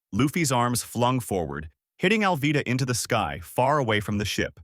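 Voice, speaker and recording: A man narrating a fan fiction story with lively storytelling. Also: mid-range voice, fairly quick, hardly any pauses, no room sound, clean studio sound.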